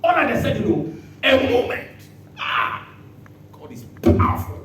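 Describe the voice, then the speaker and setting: A man preaching a sermon as pastor, bursting into shouts and acting out the words he quotes. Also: very high-pitched, normal speed, noisy background. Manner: animated preaching with sudden shouts and dramatic quotes. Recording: echoey hall from far off.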